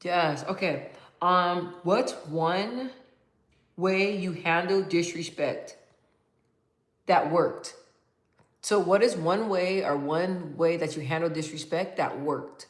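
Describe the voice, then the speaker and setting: Reading out comments from viewers, this livestream host keeps a calm, level delivery, using plenty of filler words and laughing often. She speaks slowly in a fairly low voice, and the audio has a roomy quality.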